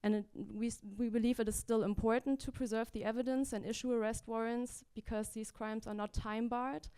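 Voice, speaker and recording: A woman reads formal remarks to a panel audience in a measured, even way, her pitch sitting a little high and barely moving. Her voice is mellow and dark, yet very smooth and clean. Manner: measured, formal, with small restarts. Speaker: legal advocate presenting at a panel. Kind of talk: read prepared remarks. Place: gallery event hall.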